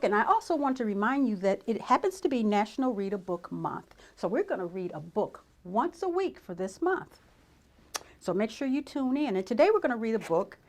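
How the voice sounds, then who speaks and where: A middle-aged woman reading a picture book aloud to young children, gentle and animated. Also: fairly high pitch. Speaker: children's story reader.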